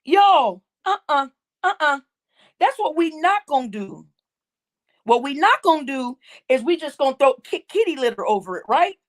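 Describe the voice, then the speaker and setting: A livestream host with a high voice rants at her viewers in heated indignation, scolding them and piling up repeated phrases to hammer each point home. Her pitch swings widely while her speed stays normal.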